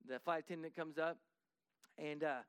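A man with a notably high voice recounts a story in a lively, conversational way. He often restarts and repeats himself. When he voices other people, he drops into a hushed tone. The recording is close and dry, with no room sound. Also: moderate pace, clear, resonant tone, no room sound. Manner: lively, acts out dialogue, drops to a hushed voice for quotes; frequent restarts and repetitions.

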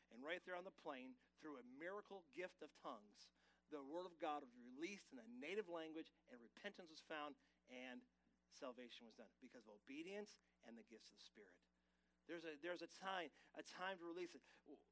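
A man's voice: a little high, lively intonation, fairly quick, fairly bright tone, rough recording. A man preaching a sermon to his church, urging the congregation to respond and reading scripture aloud. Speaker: pastor. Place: church sanctuary.

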